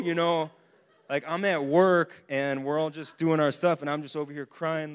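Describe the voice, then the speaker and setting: A young adult man giving a casual, animated sermon to a young adults service, with bursts of exclamation. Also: fairly high pitch, normal speed, clean tone. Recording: long hall reverb.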